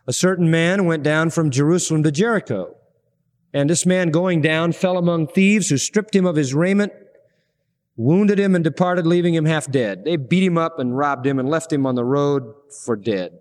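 A man with a high voice preaches a verse-by-verse sermon. He leans hard on the words he wants to stress, and his voice rings out with a long echo in a big hall. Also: normal speed. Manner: emphatic preaching, rising to stress key words. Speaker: pastor. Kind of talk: expository sermon.

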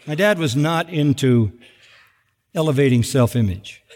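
A middle-aged man preaching a sermon, animated, with sarcastic asides and acted-out quotes. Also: medium pitch, a little slow, a little hiss or hum. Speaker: pastor. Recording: long hall reverb.

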